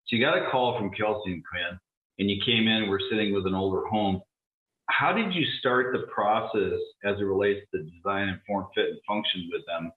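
Male radio host, low voice, chatty, upbeat, phone-like roomy sound. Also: moderate pace. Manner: chatty, upbeat, many fillers. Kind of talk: casual radio talk show. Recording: distant, echoey, phone-like sound.

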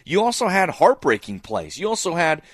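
A man's voice: a little high, wildly swooping pitch, brisk, husky, no room sound, studio quality. A man co-hosting a sports talk show, making his points with emphatic repetition. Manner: emphatic, repeating phrases for effect. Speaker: sports radio co-host.

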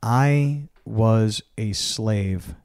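A man's voice: fairly low pitch, very slow, a little mellow, clear, resonant tone, dry recording, studio quality. A man hosting a podcast, talking candidly and rambling a little with many restarts. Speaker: podcast host. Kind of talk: casual interview chat.

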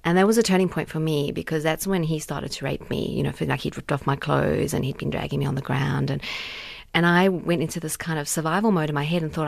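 Low gravelly woman in her 40s, candid and earnest, lots of ums, dry close mic. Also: steady tone, fast talker, no room sound. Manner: candid and earnest, many fillers and restarts. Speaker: guest, activist and survivor. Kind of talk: personal testimony in conversation.

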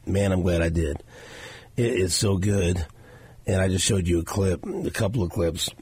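A man with a very low voice hosts a sports talk show from a radio studio. He tells stories in a casual, animated way and jumps into the voices of the people he quotes. A faint hiss sits under the recording. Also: normal speed. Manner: animated storytelling, acts out quotes.

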